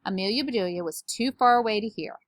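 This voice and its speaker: A parent reading a children's storybook aloud with expressive narration. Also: female voice, medium pitch, quick pace, dry recording. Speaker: parent reader.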